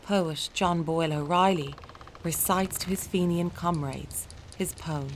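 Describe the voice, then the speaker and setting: A woman narrating a historical story in a measured, dramatic way. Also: lowish voice, a little hiss or hum.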